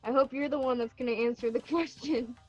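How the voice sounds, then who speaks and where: A woman's voice: sits high, steady tone, brisk, muffled recording, faint music behind. A woman playing a slimy, laid-back adventurer. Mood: teasing. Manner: shrugging, offhand, amused. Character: slimy, easygoing male adventurer.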